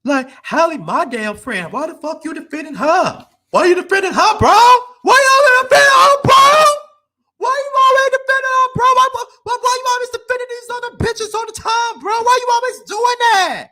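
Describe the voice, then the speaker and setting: A man's voice: very high voice, fairly quick, sharp tone, pitched above the performer's own voice, exaggerated voice. A man putting on the voice of an angry young woman who scolds her boyfriend in a mocking livestream impression, ranting and repeating "bro" at every turn. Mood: heated.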